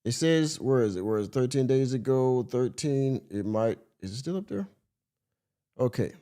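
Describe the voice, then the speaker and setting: A man hosting a livestream podcast, reacting to clips in a blunt, exasperated way and swearing freely. His voice sits mid-range with a dark, mellow tone. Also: medium pitch, lively intonation, normal speed, smooth. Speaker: podcast host.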